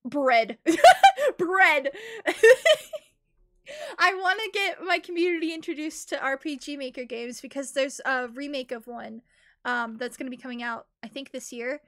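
Breaking into high-pitched giggles, a young adult woman gives excitable, casual commentary while live streaming a game, and her delivery is brisk.

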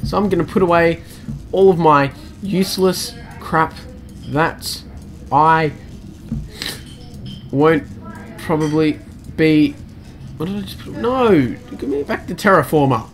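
A man's voice: a little high, takes it slowly, pauses often, soft background music. A young man commentating his own gameplay, panicky and exclaiming, talking to himself as he plays. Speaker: let's play gamer.

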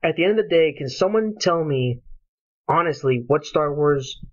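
A man's voice: fairly high pitch, animated, normal speed, no echo. Heated, cursing man on lo-fi audio. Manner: angry, profane, passionate. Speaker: YouTuber ranting about a game. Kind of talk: heated solo rant. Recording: dull lo-fi home recording.

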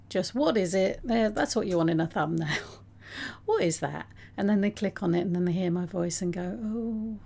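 A woman's voice: medium pitch, vocal fry, a little mellow. A woman giving casual, chatty commentary on her game, talking to her characters and laughing often. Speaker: let's play host.

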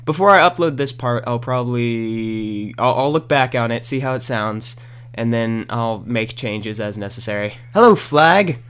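A man giving casual, rambling gameplay commentary at home into a new desk microphone, breaking into loud outbursts at the game. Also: mid-range voice, normal speed, clear, resonant tone. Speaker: gaming commentator. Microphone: new desk condenser microphone.

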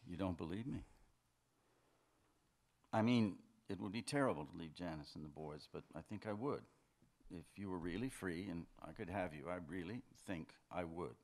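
A man's voice: low voice, normal speed, darkish tone. A man reading fiction aloud, voicing an anxious, apologetic married man who keeps pleading with the woman he loves.

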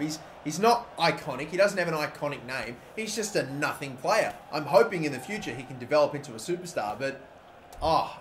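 A man in his twenties giving live, excitable commentary on a video game he is playing, chatting between plays and shouting over big moments. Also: fairly high pitch, a little hiss or hum. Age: 20s. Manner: excitable, bursts into loud shouting over goals. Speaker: gaming YouTuber.

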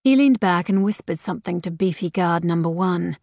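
Low gravelly woman reading an audiobook. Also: moderate pace, darkish tone, no echo, clean studio sound. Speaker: audiobook narrator. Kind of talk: first-person romance audiobook narration.

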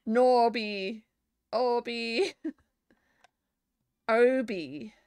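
A woman's voice: fairly high pitch, very slow, a little mellow, clean tone, dry recording, studio quality. A young woman with an Australian accent, chatting casually and giggling as she streams from home, answering her chat while she plays and draws.

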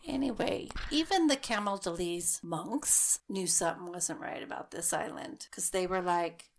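A woman co-hosting a casual podcast, telling a story in a giggly, rambling, excitable way. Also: fairly low pitch, moderate pace, gravelly, hardly any pauses. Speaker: podcast co-host.

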